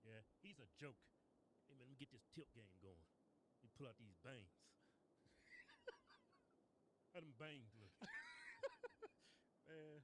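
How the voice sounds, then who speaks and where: A man trading crude wisecracks on a comedy show, bursting into loud laughs. His slightly high voice leaps wildly in pitch. A clear, steady rumble sits underneath. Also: slow, long pauses. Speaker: co-host. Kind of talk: casual comedic banter.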